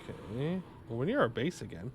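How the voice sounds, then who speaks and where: A man's voice: mid-range voice, big pitch swings, a little fast, noisy background. A man streaming a game live, chatting casually and joking while answering his chat.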